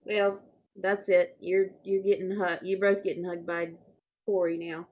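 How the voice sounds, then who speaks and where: A woman's voice: on the low side, flat delivery, measured pace, dull audio, a little hiss or hum. A woman chatting as a player in a tabletop game, giggling often and repeating herself as she talks. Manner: giggly, trails off and repeats words. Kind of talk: casual tabletop play chat.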